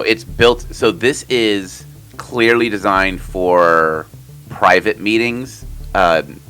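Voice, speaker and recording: A man running a tabletop game as game master, explaining scenes calmly. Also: low-pitched. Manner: calm, measured explanations.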